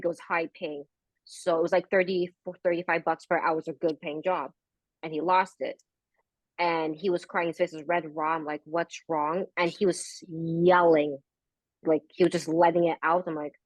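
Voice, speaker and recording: A woman's voice: fairly low pitch, no echo. A woman co-hosting a casual podcast chat, telling a story bluntly and swearing freely. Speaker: podcast co-host.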